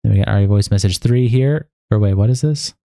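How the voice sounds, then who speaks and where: A man's voice: lowish voice, fast, gravelly, mellow, no room sound, clean studio sound. A man streaming live, reading chat logs aloud and commenting on them bluntly with plenty of swearing. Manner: blunt, profane and exasperated.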